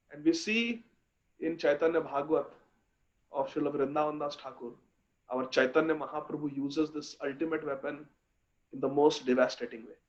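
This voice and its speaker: A man giving a devotional scripture lecture, chanting verses slowly and speaking with fervent emphasis. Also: a little high, a bit bright. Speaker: speaker in a scripture class series. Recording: dull lo-fi recording.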